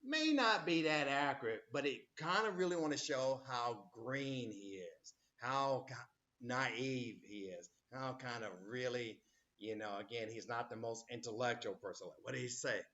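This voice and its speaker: A man's voice: medium pitch, a little slow, sharp tone. Rambling male history teacher, lo-fi. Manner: rambling, many fillers, acts out quotes. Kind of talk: classroom lecture. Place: classroom.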